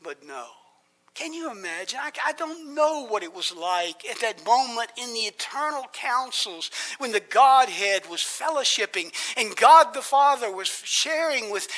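A man preaching a sermon, with dramatic swings from emphatic lines to hushed whispers and slow, deliberate emphasis on key words. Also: very high-pitched, expressive.

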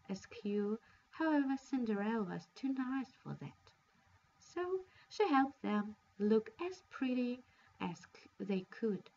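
A woman, a native Russian speaker, reading a fairy tale aloud in a careful, expressive storytelling manner. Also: a little high. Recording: dull lo-fi recording.

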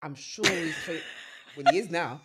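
A woman's voice: low-pitched, moderate pace, bright, forceful tone, a little hiss or hum. A woman co-hosting a casual radio show, teasing and coy, often laughing as she talks. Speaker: radio co-host.

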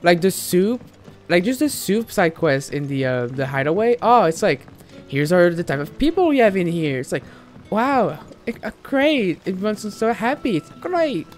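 A woman streaming a video game, chatting in an excitable, giggly, rambling way. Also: fairly low pitch, normal speed, faint music behind. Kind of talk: casual gameplay commentary.

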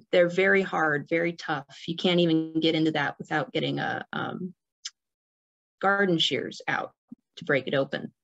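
A woman giving an informal illustrated lecture as a nature center presenter, relaxed and full of fillers and restarts. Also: fairly low pitch, gravelly. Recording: dull lo-fi recording.

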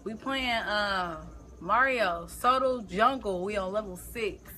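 A woman's voice: medium pitch, slow pace, pushed and bright. A woman playing a video game with a partner, bantering in casual chat and trading teasing comebacks with frequent laughter. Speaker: gameplay co-host.

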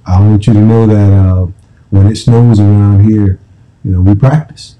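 A man voicing a stern middle-aged male head coach who speaks slowly and deliberately, pausing on "uh". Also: on the low side, fairly even intonation, highs cut off, voice pushed down, lightly acted. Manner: slow, deliberate, halting with "uh".

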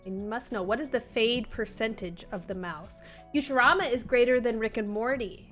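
A young woman streams live as community manager, chatting away to viewers and cooing baby talk at her dog. Her voice is a little high and fairly bright, at a normal speed, over faint background music.

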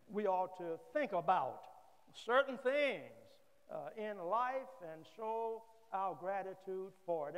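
High-voiced preacher guy taking his time, lots of uh's, big echoey church. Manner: measured, frequent "uh" pauses, repeats key phrases. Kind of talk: sermon. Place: church sanctuary. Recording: long church reverb.

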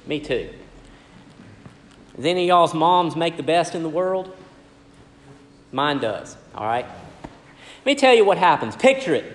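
Preacher with ringing hall echo. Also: male voice, on the high side, lively intonation, a little slow, pauses often. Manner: preaching with sharp swings between loud and hushed lines. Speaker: pastor. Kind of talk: sermon. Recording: long hall reverb with faint ambience.

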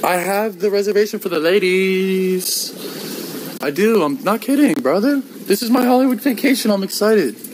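A man live-streaming on a city street into a handheld phone, loud, goofy and taunting, repeating his phrases over and over. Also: sits high, expressive, moderate pace, noisy background. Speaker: IRL streamer. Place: outdoors on a city street and at a hotel door.

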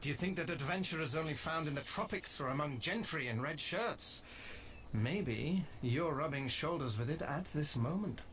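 A worldly adventurer. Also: male voice, on the high side, normal speed. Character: worldly male adventurer on the run. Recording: steady background noise.

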